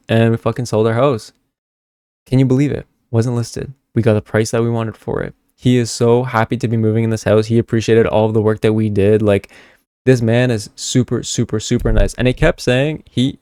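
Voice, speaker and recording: Smooth-voiced man telling a story, swearing. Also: fairly low pitch, no room sound, clean studio sound. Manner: animated, swears freely, talks straight to viewers. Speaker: spiritual content creator. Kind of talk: casual storytelling to camera.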